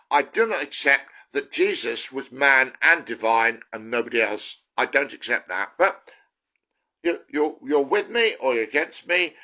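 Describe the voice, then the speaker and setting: A man's voice: fairly high pitch, sharp tone. A man from the UK, a self-styled prophet, giving an earnest, rambling spiritual monologue with many restarts.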